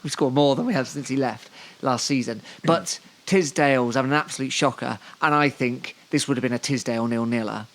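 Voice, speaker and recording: A man co-hosting a casual football chat, talking at an ordinary middle pitch. He rambles through the news with a dry, joking tone. He is from Devon. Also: a little fast, few pauses, fairly bright tone. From Devon, England. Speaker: podcast co-host.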